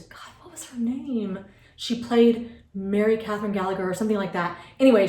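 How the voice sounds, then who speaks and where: A woman's voice: medium pitch, darkish tone. A woman in her forties giving beauty tips in a casual, rambling vlog, full of fillers and asides. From United States. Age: 40s. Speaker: beauty vlogger. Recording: roomy, mic some distance away.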